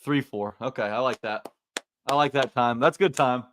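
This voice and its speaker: A man's voice: medium pitch, normal speed, a bit bright, a little hiss or hum. A man co-hosting a live sports podcast, talking animatedly and hyping up the live chat. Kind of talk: casual live-stream chat.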